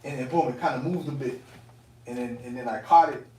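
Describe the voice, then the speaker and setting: A man casually telling a personal testimony to fellow believers, animated and profane, with streetwise phrasing. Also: mid-range voice, brisk. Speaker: elder speaking to fellow believers. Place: indoor camp meeting room. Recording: roomy, distant mic, faint room noise.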